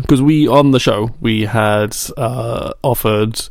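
Gravelly-voiced man, dry close sound. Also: mid-range voice, measured pace, darkish tone, no echo. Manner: playful, reads messages aloud in mock-dramatic tones. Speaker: podcast co-host. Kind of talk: casual chat.

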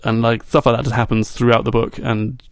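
A man co-hosting a casual book podcast, with a gravelly edge to his voice. He vents in an exasperated, animated way. The sound is dry and close, with no room. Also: medium pitch, brisk, dry recording. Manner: exasperated, animated complaining with laughs. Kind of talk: casual chat.

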